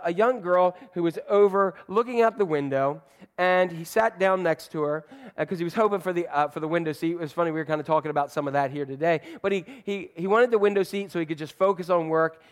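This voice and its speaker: A man preaching a sermon, telling a story in a loose, chatty way with fillers and restarts. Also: sits high. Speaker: pastor.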